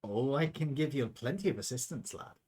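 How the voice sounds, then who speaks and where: A man's voice: mid-range voice, expressive, fairly quick, a little mellow, husky. A man putting on a bawdy barmaid in her thirties. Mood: flirty. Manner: bawdy, cheerful, teasing. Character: flirty barmaid woman in her thirties, two teeth.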